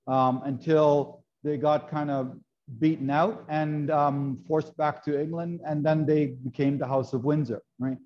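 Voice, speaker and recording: A man's voice: fairly high pitch, darkish tone. A man teaching a live baking class, explaining in a chatty way with many fillers and "right?" checks. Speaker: baking instructor. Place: kitchen classroom. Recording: dull lo-fi video call audio.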